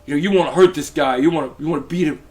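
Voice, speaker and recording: Brief: male reviewer putting on a gruff, goading vigilante, voice pushed slightly high. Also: very fast, darkish tone, lightly acted. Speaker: impression of a screen actor's character.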